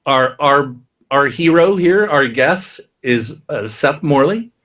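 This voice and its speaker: A man co-hosting a podcast, casually recapping a plot in a rambling way and acting out characters' lines in quick asides. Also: mid-range voice, lively intonation, a bit bright. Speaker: podcast co-host.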